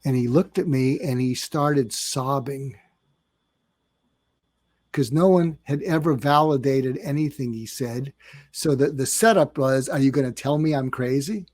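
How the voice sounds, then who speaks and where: Older male psychiatrist guest, mid-pitch, dry close sound, rambling anecdotal delivery. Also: unhurried, darkish tone, dry recording. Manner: meandering, filler-heavy, acts out quoted dialogue. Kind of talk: storytelling in a podcast interview.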